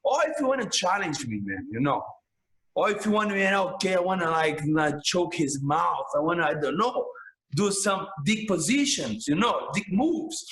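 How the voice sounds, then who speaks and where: A Brazilian man with a high, lively-sounding voice speaks English as a second language, his phrases breaking and restarting. The room around him is roomy, with a clear echo. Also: moderate pace. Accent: Brazilian Portuguese. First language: Portuguese. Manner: broken English, frequent restarts, emphatic "man". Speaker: jiu-jitsu instructor, podcast guest. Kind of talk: casual storytelling chat.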